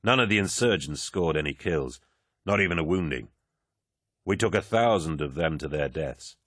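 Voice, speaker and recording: A man voicing a giant male warrior, speaking gravely and in a measured, low way, as an audiobook character voice. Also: animated, a bit bright, no room sound, clean studio sound, exaggerated voice.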